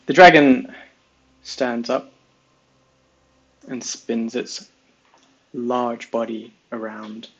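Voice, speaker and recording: A man narrating a tabletop fantasy game as game master, describing scenes in a measured way with pauses. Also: mid-range voice, muffled recording.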